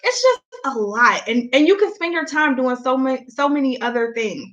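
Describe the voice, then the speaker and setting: A woman's voice: high voice, lively intonation, normal speed, fairly bright tone, muffled recording. A young woman chatting candidly to her viewers at home, a mom vlogging in casual Southern-style speech. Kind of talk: casual chat.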